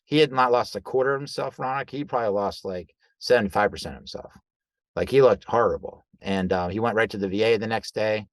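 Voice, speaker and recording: Low-voiced man telling animated stories. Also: fast talker, no room sound. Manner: animated, acts out quoted dialogue; loose, conversational with fillers like right and like. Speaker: guest coach. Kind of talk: casual storytelling in an interview.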